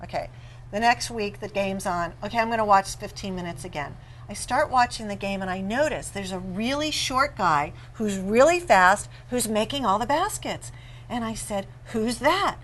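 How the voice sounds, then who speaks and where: A woman author, a guest in an interview, telling animated and playful stories about marriage. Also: mid-range voice, normal speed, slight background noise, low-quality recording. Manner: animated storyteller, playful and laughing. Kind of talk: conversational interview.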